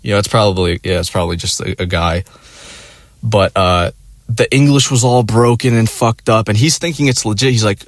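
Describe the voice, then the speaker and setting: A man with a fairly low voice tells a story at normal speed in casual chat, recorded in studio quality with no echo. He swears constantly, rambles, and pads with "like" and "you know," animatedly acting out his friends' lines.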